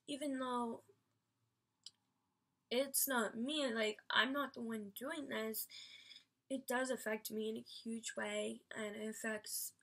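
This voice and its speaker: A woman speaking straight to her audience in a rambling, emphatic vlog story, circling back with fillers and dropping swear words freely. Her voice sits a little high, with a gravelly, husky edge. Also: steady tone, slow pace, pauses often, fairly bright tone. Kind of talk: personal storytelling rant.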